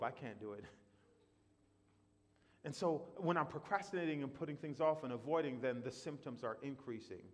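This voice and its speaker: A man preaching a sermon in a church, animated, surging loud for emphasis and then dropping quiet and slow. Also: mid-range voice. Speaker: pastor. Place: church sanctuary. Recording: long reverb of a church hall.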